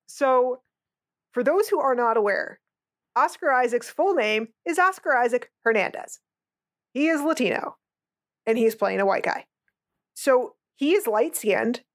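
Outspoken, higher-voiced woman podcaster. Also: animated, a little slow, long pauses. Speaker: podcast co-host. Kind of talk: casual chat.

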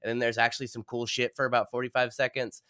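A man's voice: medium pitch, level tone, fast, sharp tone, no echo, studio quality. A man co-hosting a podcast, recapping a movie plot in casual, blunt, profane chat. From New England. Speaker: podcast co-host.

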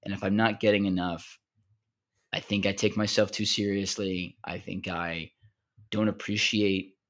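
A man's voice: deep voice, a little slow. A man co-hosting a podcast, chatting casually and playfully about comedy. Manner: playful, joking, does deadpan impressions. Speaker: podcast co-host. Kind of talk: casual chat.

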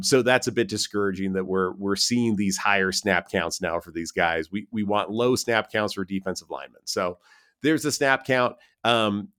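A man's voice: on the low side, fairly bright tone, clear, resonant tone. A man co-hosting a casual sports podcast, chatty and self-mocking, running through lists of numbers. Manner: loose and self-mocking, reads stats in quick lists. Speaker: podcast co-host.

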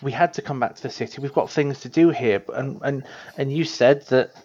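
A man's voice: mid-range voice, a little fast, a little mellow, slightly rough. A man playing a tabletop game, earnest and stammering in casual chat. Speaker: player. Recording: dull lo-fi mic.

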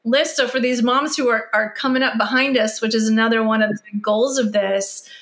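A woman's voice: on the high side, fairly even intonation, brisk. A middle-aged woman hosting a podcast, chatty and emotional as she shares stories about her kids. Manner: warm-hearted, emotional, chatty. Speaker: podcast host. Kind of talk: conversational interview.

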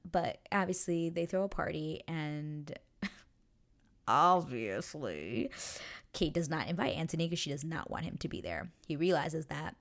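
A young woman hosting a casual recap, excitedly chatting, swearing freely and acting out characters' lines in quick asides. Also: deep voice, creaky. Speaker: podcast host recapping a TV show.

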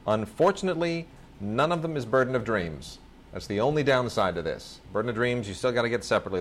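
A man's voice: mid-range voice, a little hiss or hum. A man co-hosting a podcast, rambling enthusiastically and with some self-mockery about a film collection. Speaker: podcast co-host. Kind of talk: casual chat about home video releases.

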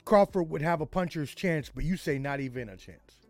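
Man, co-host, fairly high voice, eager, dry close sound. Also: a little fast, a little mellow, no echo, soft background music. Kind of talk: casual sports talk.

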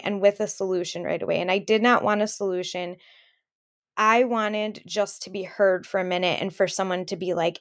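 A woman's voice: medium pitch, steady tone, moderate pace. A woman co-hosting a podcast, telling a personal story in an open, emotional way. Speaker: podcast co-host. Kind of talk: casual chat.

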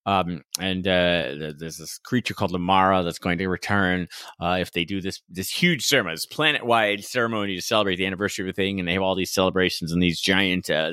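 A man co-hosting a podcast in casual chat, animated and quick to laugh, acting out quotes in a high voice. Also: no room sound. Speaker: podcast co-host.

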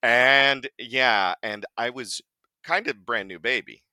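A man's voice: mid-range voice, slow, clean tone, dry recording. A man, a voice actor guest, telling stories in a casual podcast chat, acting out quotes and laughing often. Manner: animated storyteller, acts out quotes, laughs often.

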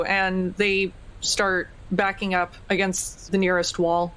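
A woman narrating as game master in a tabletop role-playing game, relaxed and laughing easily. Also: on the low side, takes it slowly, poor audio.

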